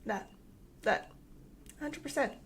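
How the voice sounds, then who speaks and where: A woman co-hosting a casual podcast, talking in an indignant, forceful and insistent way. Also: slow pace, slight background noise. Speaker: podcast co-host.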